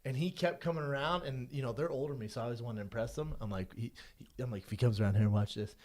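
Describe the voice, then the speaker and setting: A man's voice: mid-range voice, fast talker. A man co-hosting a podcast, telling a childhood story with acted-out voices. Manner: energetic storyteller acting out voices. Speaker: podcast co-host.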